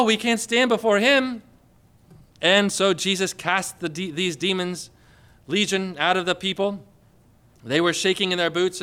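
A man's voice: high voice, pushed and bright, smooth. A man preaching a sermon in an emphatic, dramatic way, building his points with rising emphasis.

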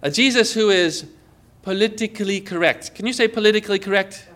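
A man's voice: sits high, fast, fairly bright tone, slight background noise. A man preaching a sermon as pastor, emphatic and often putting questions to the congregation.

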